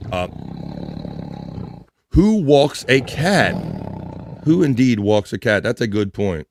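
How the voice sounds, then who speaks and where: A man's voice: fairly low pitch, noisy background. Joking man hosting a livestream. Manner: jokey, crude banter, laughs often. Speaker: livestream host. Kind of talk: casual livestream chat reading viewer comments.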